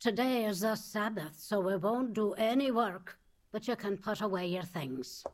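A woman plays a stern, pious Scottish missionary lady in an audio drama, talking in brisk, matter-of-fact sentences with a steady, middle-of-the-road pitch. Her Scottish accent comes through plainly as she speaks. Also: slight background noise, close to an everyday voice. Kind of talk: radio drama acting.

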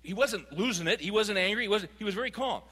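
A man delivers a sermon in a bright, ringing voice that sits high for a man. He speaks emphatically and keeps asking the congregation questions. His words carry a long reverb, as in a large hall. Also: animated, fast talker, husky. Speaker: pastor.

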